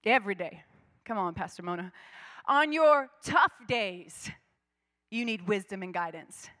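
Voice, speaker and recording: A woman's voice: medium pitch, lively intonation, measured pace, fairly bright tone. A woman pastor preaching a sermon in a church, conversational at times and rising to fervent emphasis.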